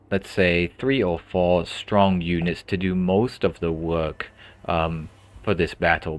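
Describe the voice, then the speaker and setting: A man giving calm, explanatory gameplay commentary as a tutorial host, often repeating a word as he thinks aloud. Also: deep voice.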